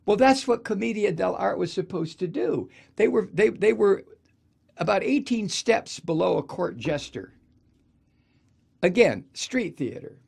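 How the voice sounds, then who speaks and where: Sardonic, gravelly political talk host. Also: male voice, sits high, expressive, a little slow, darkish tone. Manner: sardonic, profane, ranting. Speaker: radio talk show host. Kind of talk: political commentary monologue.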